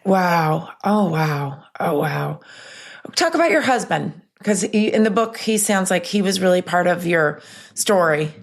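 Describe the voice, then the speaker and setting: A woman's voice: fairly low pitch, expressive, unhurried, creaky. A woman podcast host interviewing a guest conversationally, with encouraging, exclamatory reactions.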